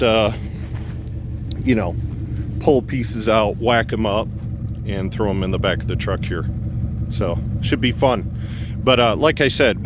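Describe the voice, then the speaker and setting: A man's voice: lowish voice, noisy background. A man hosting a casual outdoor vlog from snowy woods, rambling and folksy with lots of ums, a bit out of breath, recorded on a phone. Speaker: channel host. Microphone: phone camera.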